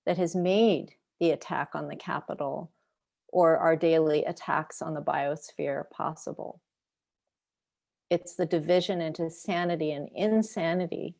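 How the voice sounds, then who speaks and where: A woman Buddhist teacher giving a slow, reflective dharma talk over an online video call, pausing often. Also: fairly low pitch, vocal fry, a little mellow. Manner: slow, reflective, with pauses and fillers.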